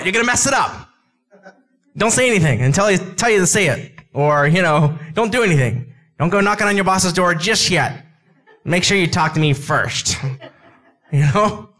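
A male preacher with a voice pitched a little high tells a scripture story in a loose, conversational way. He acts out the voices of the people in it. Asides and quick laughs run through his talk. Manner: animated, acts out dialogue with God and Moses. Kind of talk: sermon.

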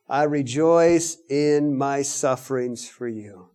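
Animated man preaching a sermon. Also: on the high side, measured pace, long pauses. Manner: animated preaching, swinging from loud to hushed.

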